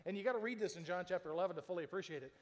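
Talking very fast in a voice slightly high for a man, this pastor narrates his sermon casually, acting out the lines of the people he quotes. He frequently restarts, and his words echo with the long reverb of a big church hall.

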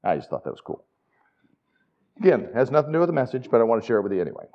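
A man's voice: medium pitch, very animated, very fast, lo-fi sound. A man preaching a sermon in a conversational, enthusiastic teaching manner with asides. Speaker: pastor.

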